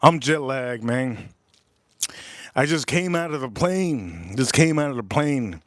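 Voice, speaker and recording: A man's voice: mid-range voice, animated, slow, no echo. A jet-lagged man hosting a casual livestream, repeating himself, swearing loosely and calling out to viewers. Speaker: livestream host.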